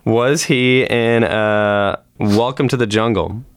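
A man's voice: mid-range voice, slow, clean tone, no room sound. A man co-hosting a comedy podcast, asking quiz questions and teasing with frequent laughs. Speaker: podcast co-host. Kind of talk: casual comedy podcast chat.

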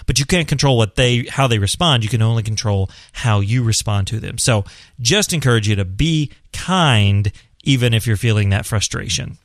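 A man's voice: mid-range voice, expressive, normal speed, a bit bright, dry recording, clean studio sound. A blind man, a parent, talking casually to visually impaired viewers, earnest and encouraging, often repeating a point for emphasis. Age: adult, parent of a son. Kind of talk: casual advice monologue.

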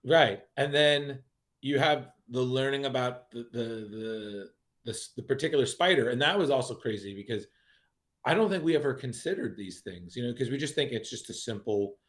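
A man's voice: mid-range voice, animated, moderate pace. A man co-hosting a casual podcast, rambling through a horror comic with lots of fillers and restarts, acting out lines as he goes. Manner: rambling, many restarts and fillers, acts out quotes. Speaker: podcast co-host. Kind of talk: casual comic book review chat.

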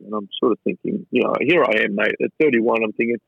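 Speaking quickly at a medium pitch, an Australian man who runs restaurants and cooks tells loose, chatty anecdotes during an interview, stumbling into repeated words. His husky voice comes through a tinny, narrow channel, and the sound is dry without any surrounding space.

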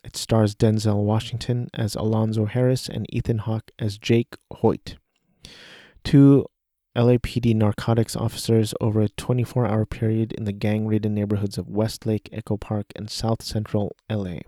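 A man's voice: lowish voice, little pitch movement, moderate pace, mellow, no room sound, studio quality. A man hosting a casual solo podcast, talking through a movie he watched, rambling and hesitant with many restarts. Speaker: podcast host.

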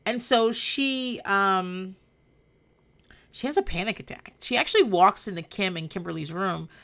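On a podcast microphone, a woman hosts a laid-back recap, cursing freely, speaking bluntly, and laughing often. She talks at a measured pace in a medium-pitched, gravelly voice with a fairly bright tone.

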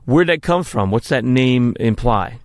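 A man's voice: medium pitch, animated, measured pace. A man hosting a live-streamed podcast, chatting casually and asking rambling, self-mocking questions. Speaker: podcast host.

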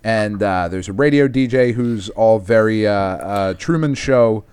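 A man's voice: on the low side, measured pace, darkish tone, smooth, no room sound. A man from Texas, a podcast host casually recapping a comic book in a loose, profane, rambling way. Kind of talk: casual chat.

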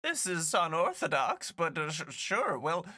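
A man's voice: on the high side, sing-song, a little slow, pushed and bright, no room sound, clean studio sound, voice pushed up, exaggerated voice. A man voicing a wealthy, eccentric old woman who dotes on her cat, talking in a hesitant, rambling, self-satisfied way. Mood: proud.

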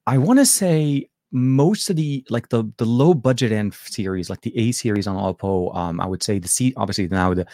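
A man's voice: fairly low pitch, a little mellow, no echo. A man from Lebanon hosting a tech show, chatting casually and answering viewer questions with many fillers and restarts. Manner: rambling, lots of fillers and restarts.

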